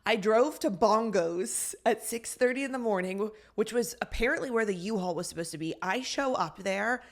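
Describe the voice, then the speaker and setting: A woman co-hosting a casual podcast, recounting a frustrating day in an animated, exasperated voice. Her pitch sits mid-range for a woman. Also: normal speed. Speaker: podcast co-host. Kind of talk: casual storytelling chat.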